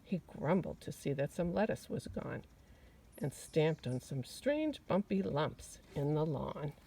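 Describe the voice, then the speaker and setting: A woman reads a rhyming picture book aloud to children. Her voice is low and mellow, with wide, lively swings of pitch, and a faint hiss sits underneath. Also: a little slow, gravelly, low-quality recording. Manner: warm, expressive, rhyming cadence. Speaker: storyteller reading to children.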